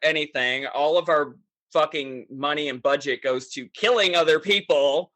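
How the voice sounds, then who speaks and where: A man in his thirties speaking as a podcast guest, candid, profane and animated in casual talk. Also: fairly high pitch, moderate pace, no room sound. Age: 30s.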